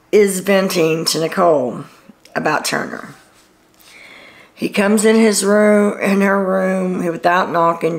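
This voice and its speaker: A woman from Texas with a Texan accent, hosting a casual reality TV recap show and giving blunt, opinionated commentary. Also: fairly low pitch. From Texas, USA.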